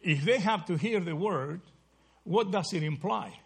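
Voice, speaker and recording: A man's voice: high voice, expressive, a little slow, creaky, breathy edge. A man teaching a Bible study class, asking the group questions and checking in with "right?" as he goes. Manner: asks the group questions, repeats "right?" often.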